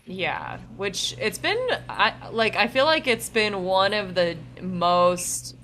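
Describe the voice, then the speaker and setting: A young woman co-hosts a laid-back spiritual podcast, her mid-range voice swinging widely in pitch as she talks slowly and loosely. She laughs a lot and uses plenty of fillers. Her tone is a little bright, and there's a faint hiss or hum on the recording.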